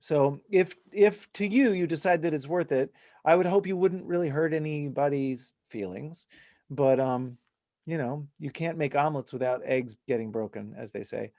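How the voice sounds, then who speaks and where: A middle-aged man teaching a songwriting workshop online, talking in an animated, chatty, self-deprecating way. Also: a little high, normal speed, dry recording. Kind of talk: casual online workshop talk.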